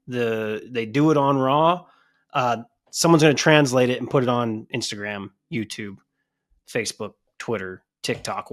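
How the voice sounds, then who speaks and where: A man co-hosting a wrestling podcast, rambling and swearing in casual chat. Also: medium pitch. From United States. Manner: rambling, profane, animated. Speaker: podcast co-host.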